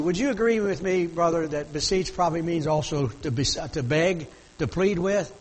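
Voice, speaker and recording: Husky high-voiced male preacher. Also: moderate pace, long reverb tail, poor audio. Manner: fervent, pleading preaching. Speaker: pastor. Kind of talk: sermon.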